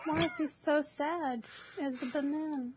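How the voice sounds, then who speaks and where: A woman's voice: sits high, steady tone, unhurried, a little hiss or hum. A woman chatting casually on a stream, asking playful, teasing questions.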